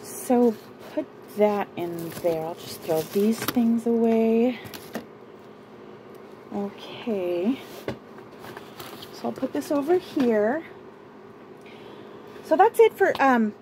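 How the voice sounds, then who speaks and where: A woman's voice: fairly high pitch, sing-song, slow pace, long pauses, a little mellow, a little hiss or hum, low-quality recording. A woman vlogger from Southern California, casually chatting through a beauty and clothing haul, rambling and stopping herself often. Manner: chatty, rambling, self-interrupting, laughs often. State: out of breath. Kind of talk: casual haul video chat.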